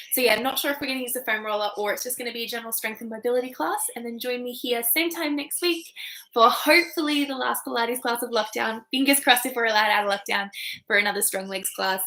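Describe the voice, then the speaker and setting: Young Aussie woman, Pilates instructor, informal and chatty, fairly high voice, roomy recording. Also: bright, forceful tone. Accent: Australian. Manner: chatty and informal, with many ums. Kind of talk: guiding an online Pilates class. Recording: echoey room.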